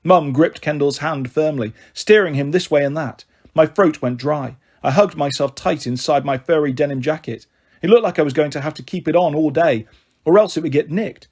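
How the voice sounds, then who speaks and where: A man narrating a children's novel aloud in a steady, expressive reading. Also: fairly high pitch, moderate pace. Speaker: storyteller. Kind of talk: audiobook narration.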